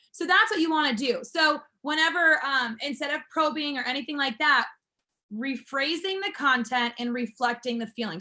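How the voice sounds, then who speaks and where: A woman's voice: sits high, sharp tone. A woman instructor teaching a class, explaining step by step in an upbeat, encouraging manner. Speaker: martial arts school instructor.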